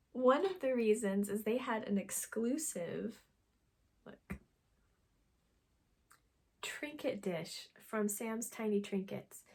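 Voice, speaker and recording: Knitting vlogger, woman, breathy and husky, animated storyteller who slips into whispers. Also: on the high side. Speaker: knitting podcast host. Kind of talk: casual chat to camera.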